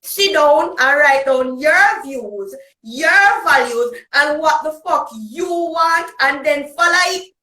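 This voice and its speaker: A woman's voice: high voice, animated, slow, hardly any pauses, sharp tone, roomy sound, poor audio. A woman host, talking bluntly and emphatically in a casual chat. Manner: blunt, emphatic, patois-tinged. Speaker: podcast host.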